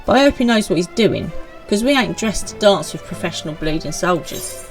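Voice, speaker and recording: A woman's voice: lowish voice, animated, fairly quick. Lady doing a wry soldier type, folksy and teasing, bit of music behind.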